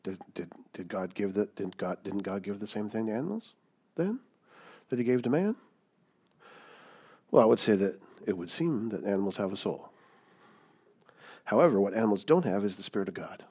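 A man preaching a Bible teaching in a conversational way, often checking in with a quick question to his listeners. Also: fairly low pitch, expressive, mellow, breathy edge. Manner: conversational, keeps asking "right?". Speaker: pastor.

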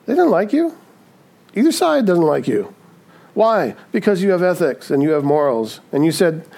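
Preaching man, higher-pitched voice. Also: very animated, normal speed, gravelly, a little mellow. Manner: conversational preaching, rhetorical "right?" tags; acts out quoted voices. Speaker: pastor. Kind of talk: sermon.

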